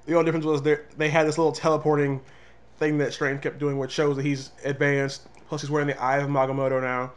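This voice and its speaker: A man with a slightly higher voice chats through a casual movie review. He talks animatedly, jumping into quick character voices now and then. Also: level tone. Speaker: comic review show co-host.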